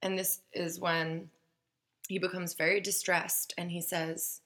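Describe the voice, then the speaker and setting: A woman's voice: on the low side, flat delivery, measured pace, a bit bright. A woman casually telling a story, acting out the quoted voices and swearing freely.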